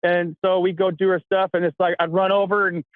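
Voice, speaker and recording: A man in his thirties from Kentucky, a guest telling energetic, rambling stories with laughs in a casual chat. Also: high-pitched, a little fast, clean tone, no echo. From Kentucky, USA. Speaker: guest, actor. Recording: tinny phone-like line, dry.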